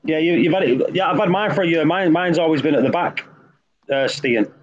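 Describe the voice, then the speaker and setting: A man's voice: on the high side, fairly quick. Chatty man on a muffled call. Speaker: reef hobbyist showing his tank. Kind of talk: casual group video chat. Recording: muffled call audio with faint noise.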